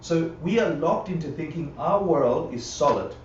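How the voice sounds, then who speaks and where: An animated man with a fairly high voice speaks at normal speed while teaching a live Buddhist class conversationally. He regularly checks in with his listeners and performs quotes. The livestream audio is distant, roomy and dull, carrying a little hiss or hum.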